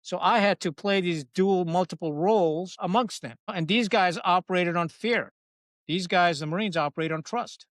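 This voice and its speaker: A man's voice: high-pitched, moderate pace, no room sound. Blunt, salty man telling war stories. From Pakistan. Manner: blunt, salty, animated storyteller. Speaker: podcast guest, retired Marine officer. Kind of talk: candid conversational storytelling.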